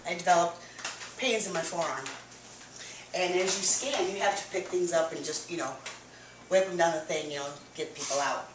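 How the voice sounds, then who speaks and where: A woman's voice: fairly low pitch, background noise. A woman giving a nervous, chatty personal testimony to an audience, full of fillers. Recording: echoey room, mic from far off.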